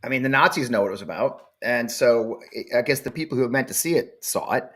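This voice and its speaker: Male host in his forties, middle pitch; blunt, defiant, swears freely. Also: lively intonation, quick pace, a bit bright, husky. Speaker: show host. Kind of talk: live show monologue.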